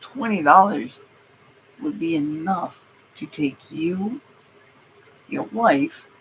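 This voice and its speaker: Profane ranting man, fairly high voice. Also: expressive, slow pace, fairly bright tone, a little hiss or hum, poor audio. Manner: profane, heated, griping. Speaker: streamer and mechanic. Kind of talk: comedic ranting monologue.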